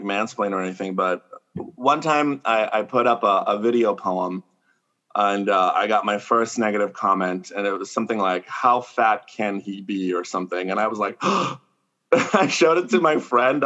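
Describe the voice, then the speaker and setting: A man chatting casually on a podcast as a comedian, acting out quoted lines in a higher voice. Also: moderate pace, dull audio. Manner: animated storyteller, acts out quotes in a raised pitch.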